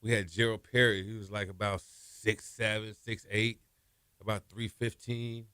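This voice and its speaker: A lowish, bright-edged voice from a man, telling stories as a studio guest. His delivery is relaxed and his sentences often fade out, all in a dry close sound. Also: normal speed, clean tone, no echo. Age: 50s. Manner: relaxed storyteller, trails off softly. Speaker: former college quarterback guest. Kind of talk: interview storytelling. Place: radio studio.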